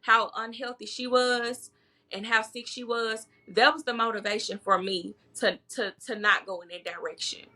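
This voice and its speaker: A woman with a fairly high, vivid and forceful voice talks candidly as a guest. She is bold and vocal, doubling back on words for emphasis in a relaxed podcast conversation. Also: moderate pace. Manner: bold, emphatic, repeats words when stressing a point. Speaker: herbalist guest.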